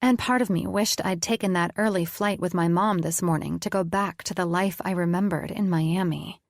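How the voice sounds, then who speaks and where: A woman reads a first-person audiobook in an intimate, confiding tone. Her voice sits fairly low with a gravelly fry, and the recording is dry and close. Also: moderate pace, dry recording. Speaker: audiobook narrator.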